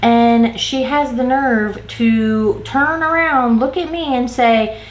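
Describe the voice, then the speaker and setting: A woman's voice: on the high side, takes it slowly, hardly any pauses, slight background noise. A woman vlogger chats through a workplace storytime while doing her makeup. She retells the story with lots of "like" and acts out what her coworkers said. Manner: animated retelling, acting out quoted coworkers, heavy use of "like". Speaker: beauty vlogger. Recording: roomy echo.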